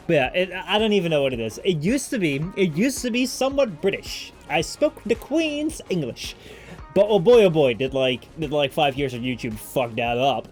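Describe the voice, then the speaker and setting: Brief: male streamer from the Netherlands, fairly high voice, rambling and self-mocking, music under it. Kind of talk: casual livestream chat.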